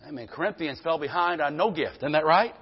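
Male preacher, emphatic sermon delivery, somewhat high voice, husky tone, dull lo-fi church recording. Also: animated, brisk. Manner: emphatic, calls out "Amen?" to the congregation; swings between loud bursts and quiet low passages.

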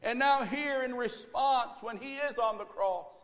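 A pastor preaching a sermon, building to fervent, repeated exhortations. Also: male voice, very high voice, a little slow, a bit bright. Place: church sanctuary. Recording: long church reverb.

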